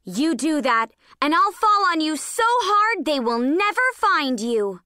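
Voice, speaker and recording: A woman's voice: a little high, big pitch swings, measured pace, a bit bright, no echo, clean studio sound, heavily acted. A woman doing a prim, genteel mother pine tree. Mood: soothing. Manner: prim, old-fashioned genteel phrasing.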